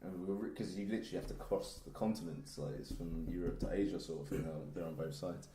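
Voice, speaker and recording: Fast-talking deep-voiced man. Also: warm tone. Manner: quick, rambling anecdote telling. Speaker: podcast co-host or guest. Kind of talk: casual chat. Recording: roomy echo, faint noise.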